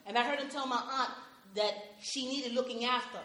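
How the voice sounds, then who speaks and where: A woman's voice: on the high side, steady tone, moderate pace, pushed and bright. A woman playing a tough young Nuyorican man. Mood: grim. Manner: tough, confrontational street talk mixed with Spanish. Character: streetwise young Puerto Rican man from Brooklyn, hardened and bitter. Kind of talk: dramatic monologue.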